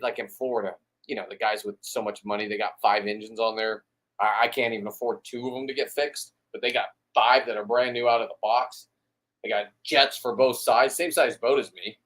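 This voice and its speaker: A man talks casually on a live stream as the fisherman hosting it. He rambles bluntly, swears freely, and restarts words as he goes. His voice sits at an ordinary pitch for a man. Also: a bit bright.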